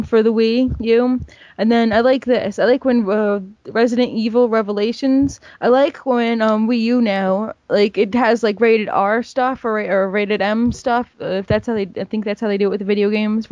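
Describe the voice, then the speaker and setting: A woman's voice: on the high side, a little mellow, no room sound, muffled recording. A young woman co-hosting a casual gaming chat, rambling with lots of fillers. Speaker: gaming podcast co-host.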